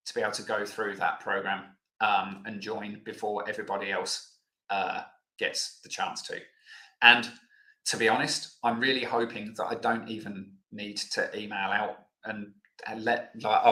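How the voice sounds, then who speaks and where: A man's voice: lowish voice, sharp tone, reverberant. A man hosting a live online Q&A lesson, chatty and loose, with plenty of fillers. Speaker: health educator host.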